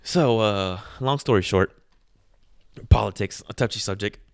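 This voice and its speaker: A man's voice: lowish voice, measured pace, creaky, clear, resonant tone, dry recording, studio quality. A man hosting his own podcast, speaking in a casual, opinionated monologue full of rhetorical questions and self-amused laughs. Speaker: podcast host.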